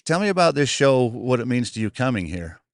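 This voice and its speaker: A man's voice: medium pitch, very animated, a little fast, dry recording. A man interviewing a guest, upbeat and friendly, often repeating his first words.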